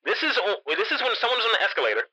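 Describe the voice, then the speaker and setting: A man's voice: sits high, sing-song, rapid-fire, pushed and bright, highs cut off. A man co-hosting a podcast, casually rambling through crude banter and reading items aloud. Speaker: podcast co-host.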